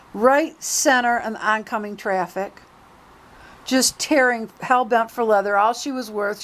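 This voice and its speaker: A woman's voice: a little high, rough recording. A woman vlogger telling a story casually and retelling quoted dialogue in her own talk.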